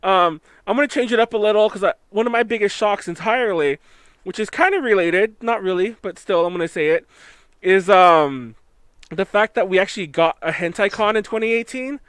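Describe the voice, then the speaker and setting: A man's voice: high-pitched, fairly quick, a bit bright, smooth, no echo. A man with a Californian accent hosting a live podcast, chatting casually and rambling with many fillers and restarts. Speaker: podcast host. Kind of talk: casual chat.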